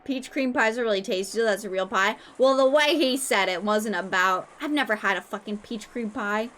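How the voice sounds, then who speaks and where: A woman's voice: medium pitch, normal speed, fairly bright tone. A young woman streamer chatting casually, playful and crude, swearing a lot. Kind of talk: casual live-stream chat.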